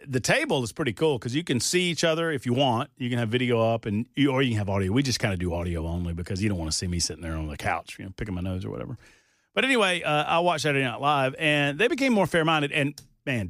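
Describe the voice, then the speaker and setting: A male radio talk show host chatting casually in the studio, rambling and animated. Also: mid-range voice, quick pace, no room sound. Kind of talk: casual on-air banter.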